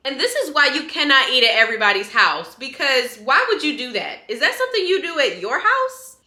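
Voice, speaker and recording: A woman's voice: brisk, few pauses. Chatty young woman telling a story. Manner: chatty, animated storytelling, rising high when indignant. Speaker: vlogger. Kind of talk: casual storytime chat. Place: small studio apartment kitchen, indoors. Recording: echoey room.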